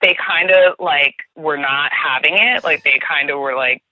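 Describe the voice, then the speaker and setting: A woman's voice: deep voice, moderate pace, bright, forceful tone, no echo. A young woman guest on a podcast, chatting casually and giggling as she tells a story. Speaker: podcast guest, tour guide. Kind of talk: casual chat. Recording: tinny phone line, dry.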